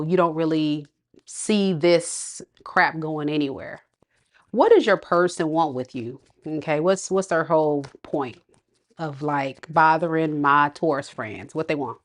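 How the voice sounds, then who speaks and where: A woman with a fairly low voice gives a casual tarot reading. She talks in a chatty, slangy way, laughs often, and speaks straight to her viewers. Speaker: tarot reader.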